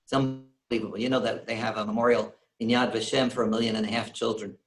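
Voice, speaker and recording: A man's voice: on the low side, fast, roomy sound, poor audio. A man giving a synagogue lecture, retelling a comic story and acting out its characters' voices. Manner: animated storyteller acting out voices, laughs at his own jokes. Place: synagogue hall.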